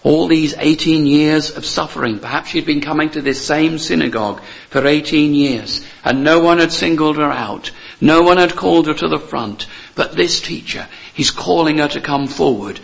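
A male preacher with a gravelly, creaky edge to his voice delivers a sermon in earnest, emphatic phrases, leaning on repetition and rhetorical questions. The recording sounds dull and lo-fi. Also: on the high side, normal speed.

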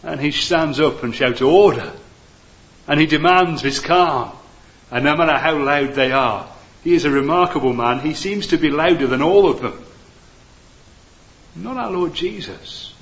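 A man preaching a sermon, earnest and gentle, with many "uh" fillers. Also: a little high, moderate pace, highs cut off.

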